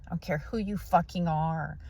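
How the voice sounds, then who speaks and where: A woman with a low, gravelly voice rants in a monologue on her vlog. She is blunt and preachy and swears constantly. The rasp of vocal fry runs through her talk. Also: moderate pace, a little mellow. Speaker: vlogger. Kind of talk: profane ranting monologue.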